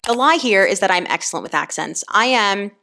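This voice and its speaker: Brief: young female fitness coach, casual to-camera chat, mid-pitched, loose and explanatory. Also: lively intonation, fairly quick, gravelly, bright, forceful tone, soft background music. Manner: chatty, explaining, many "like" fillers. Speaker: personal trainer.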